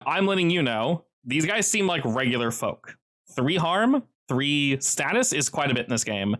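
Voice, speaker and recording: A man narrates a tabletop role-playing session as game master. He explains the rules patiently and laughs often. His pitch swings widely. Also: big pitch swings, normal speed, a bit bright.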